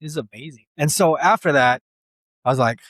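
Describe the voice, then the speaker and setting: A young adult man tells stories in a loose, slangy way, full of fillers. When he quotes people his voice jumps higher and gets lively. The sound is dry and close, from a studio mic. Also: fairly quick, no room sound. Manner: animated, acts out quoted voices in a higher pitch; relaxed slangy speech with many fillers. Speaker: guest DJ. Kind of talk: casual interview storytelling. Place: podcast studio.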